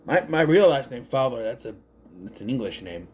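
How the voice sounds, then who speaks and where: A man's voice: medium pitch, sing-song, normal speed, a little mellow, slight background noise. A man giving a casual spoken movie review, rambling and correcting himself as he thinks aloud.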